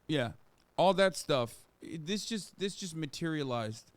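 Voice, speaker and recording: A male streamer talks through the news in casual reaction commentary, sarcastic and profane. His voice is smooth and resonant, recorded dry and close on a studio mic. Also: a little high, animated, a little slow, no echo. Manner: sarcastic, profane, laughing asides.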